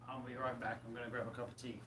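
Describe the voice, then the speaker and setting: A man's voice: mid-range voice, racing. Tired man hosting a chatty livestream, mid-range voice, recorded in a roomy space with light background noise. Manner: relaxed, chatty, reads out viewer comments. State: tired, yawning. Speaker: livestream host. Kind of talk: casual chat with viewers. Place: home room with fish tanks. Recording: echoey room, faint background noise.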